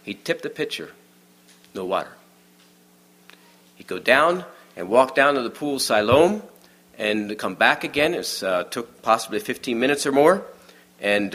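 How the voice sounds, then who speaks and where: A man giving a sermon in a conversational, storytelling way, often dropping to a hush for the quiet moments. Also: mid-range voice. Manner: many restarts and fillers, informal aside. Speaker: preacher.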